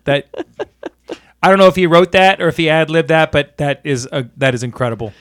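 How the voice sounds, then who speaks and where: A man's voice: on the high side, brisk, no echo, studio quality. A man co-hosting a casual movie review chat, retelling scenes with laughs. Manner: animated retelling of scenes with quoted voices and laughs. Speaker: podcast co-host.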